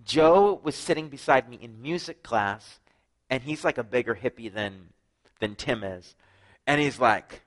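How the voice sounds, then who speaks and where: A young man delivers a sermon as a personal testimony, acting out conversations as he tells them. His pitch sits in a middle range, and he often sinks to a hushed, intimate voice before rising again. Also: unhurried, poor audio. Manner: animated storytelling, acting out dialogue, often drops to a hushed voice. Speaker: preacher.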